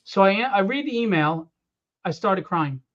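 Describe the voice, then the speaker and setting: A man casually telling animated stories about his comic book writing, acting out what others said. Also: high-pitched, a little slow. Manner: animated storyteller acting out quotes. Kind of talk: casual storytelling. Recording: dull lo-fi sound.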